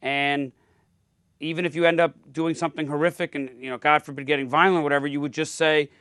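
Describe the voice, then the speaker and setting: A man's voice: fairly high pitch, fairly even intonation, a little fast, fairly bright tone, smooth, no echo, studio quality. A man in a podcast debate, talking emphatically and acting out quoted speech.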